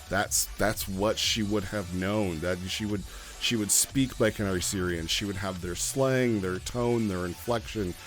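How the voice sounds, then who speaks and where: A man hosting a casual talk about roleplay writing, rambling with lots of fillers and restarts. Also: fairly low pitch. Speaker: roleplay community host.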